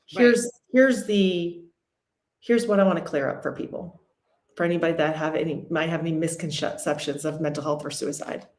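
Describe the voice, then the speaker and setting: Steady, candid woman in a roomy space. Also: low voice, normal speed. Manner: candid, steady even through hard memories. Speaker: podcast guest. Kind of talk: emotional personal storytelling. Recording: roomy echo.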